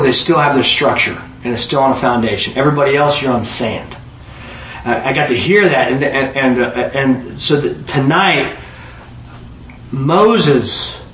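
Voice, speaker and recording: Distant, echoey male preacher. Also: slight background noise. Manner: lively storyteller, rises loud to preach then drops low. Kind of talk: sermon with jokes and stories. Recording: echoey room heard from a distance.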